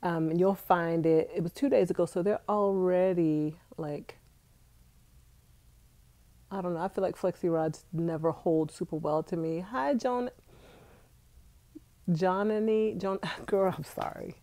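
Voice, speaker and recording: A woman's voice: fairly low pitch, a little slow, pauses often, dark tone, no echo. A young woman congested with allergies, chatting casually and directly to her viewers on a live stream from home. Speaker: vlogger. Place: indoors at home.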